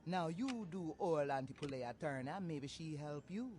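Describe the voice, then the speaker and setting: A sly old voodoo woman, teasing and mystical in a video game. She speaks slowly and knowingly, with faint noise behind her. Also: deep voice, expressive, a little mellow. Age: older. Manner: sly, knowing, drawn-out delivery.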